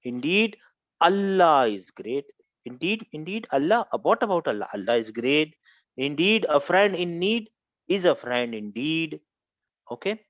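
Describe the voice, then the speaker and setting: A man's voice: a little high, sing-song, measured pace, fairly bright tone, dry recording. Male grammar teacher, patient repeater, quizzes the class; dry, muffled lo-fi recording. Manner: repetitive, quizzing students, explains step by step. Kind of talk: classroom lecture.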